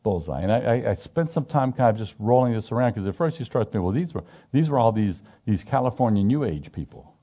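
Middle-aged male lay teacher, low mellow voice, chatty and emphatic scripture explainer. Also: quick pace, hardly any pauses. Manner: animated, emphatic, asks the group questions; frequent restarts and repetitions. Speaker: Bible study teacher. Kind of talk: informal conversational scripture teaching.

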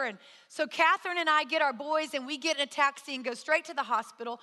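A woman's voice: sits high, quick pace, few pauses, pushed and bright, in a large hall. A middle-aged woman preaching a sermon, telling a personal story in an earnest, conversational way with frequent restarts. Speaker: speaker at a church.

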